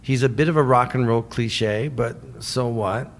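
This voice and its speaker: A man as an interview guest, telling animated stories and acting out the quotes. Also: medium pitch, unhurried, vocal fry. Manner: animated storyteller, acts out quotes. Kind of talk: interview storytelling.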